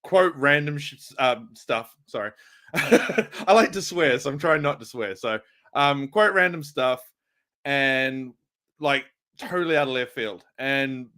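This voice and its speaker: A man chatting casually as co-host of a streamed podcast, an animated storyteller who laughs often. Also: medium pitch. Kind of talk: casual chat.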